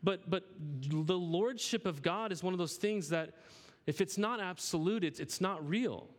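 Thirties male pastor, chatty and earnest sermon delivery, slightly raised pitch. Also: unhurried. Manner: earnest, conversational, repeats words when starting sentences.

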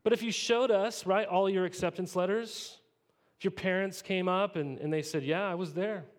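A male pastor teaching a sermon in a casual, animated way, tossing rhetorical questions to the congregation and adding playful asides. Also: high-pitched, normal speed. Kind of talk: conversational sermon.

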